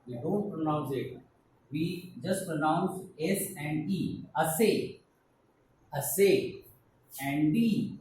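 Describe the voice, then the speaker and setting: A male school teacher with an Indian English accent, slowly spelling out words letter by letter and repeating their syllables for his pupils. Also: fairly high pitch, darkish tone. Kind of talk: slow classroom explanation, spelling out words. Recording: echoey room, mic at a distance, faint hiss.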